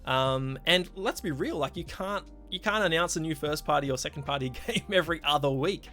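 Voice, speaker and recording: A man's voice: fairly high pitch, fairly quick, bright, forceful tone, soft background music. A man guesting on a podcast, chatting casually and thinking aloud.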